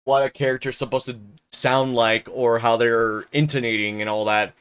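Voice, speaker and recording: A man's voice: medium pitch, steady tone, normal speed, a bit bright, clear, resonant tone. A young man chatting casually on a live reading stream, rambling with many restarts. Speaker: streamer narrating a novel.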